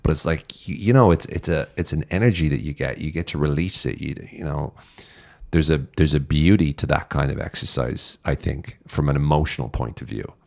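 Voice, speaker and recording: Podcast guest: Irish man, very low voice, blunt and profane, direct. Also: brisk, gravelly, darkish tone. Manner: blunt, swears freely, direct advice. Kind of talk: casual interview talk.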